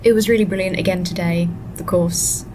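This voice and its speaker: A tired woman vlogging casually from a hotel room into a laptop webcam, rambling and soft-spoken, sometimes drifting into whispers. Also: steady tone, brisk. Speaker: vlogger and actor. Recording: noisy low-quality webcam audio.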